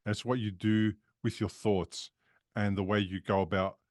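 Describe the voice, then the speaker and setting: Low, dry male interview guest, candid and emphatic, conversational. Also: level tone, normal speed, no room sound. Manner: open, frank and emphatic. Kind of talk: casual conversation.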